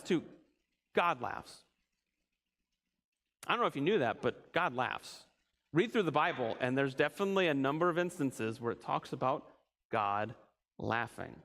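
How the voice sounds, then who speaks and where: A man with a somewhat high voice teaches a church Bible study. He talks casually and keeps quizzing the group with questions as he explains. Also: a bit bright.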